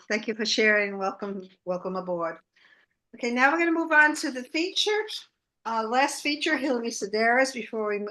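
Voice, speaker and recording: A woman hosting a poetry reading on a video call, introducing readers with halting, friendly remarks. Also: a little high, a bit bright. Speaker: open mic host.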